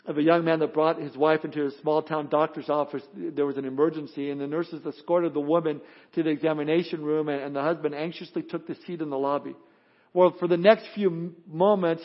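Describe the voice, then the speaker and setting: A pastor preaching a sermon in an emphatic, animated way, often repeating words as he goes. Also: sits high, muffled recording.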